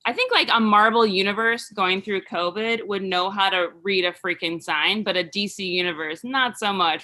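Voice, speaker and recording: Rambling woman comic, bright voice. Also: medium pitch. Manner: rambling, halting, full of fillers. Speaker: stand-up comedian. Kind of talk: stand-up set over video call. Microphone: video call.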